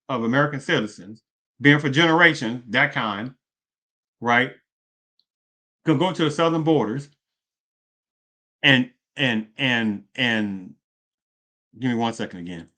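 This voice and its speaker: A video commentator with a fairly high, sharp-toned voice offers opinionated takes on politics. His delivery wanders, leaning on rhetorical questions and frequent self-corrections.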